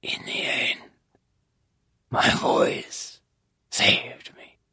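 A reader voicing a broken, guilt-ridden young man who was held captive, in a whispered role-play, hushed, halting and grave. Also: dry recording. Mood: haunted whisper.

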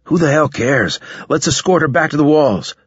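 A man voicing a jumpy young male soldier recruit who talks in quick, urgent bursts. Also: fairly high pitch, lively intonation, slightly rough, dry recording, dull audio, voice pushed up. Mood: defiant.

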